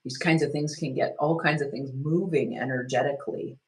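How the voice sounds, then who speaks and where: A woman's voice: rumbling low, steady tone, a little fast, low-quality recording. Chatty woman teaching a live workshop. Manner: gentle, chatty, loose with many restarts and fillers. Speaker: energy healing teacher. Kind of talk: live online workshop, guided self-care demo.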